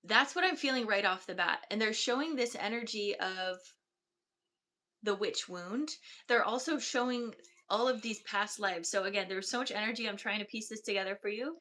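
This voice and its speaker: A woman energy healer giving a slow, soft-spoken, meditative channeled reading. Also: mid-range voice.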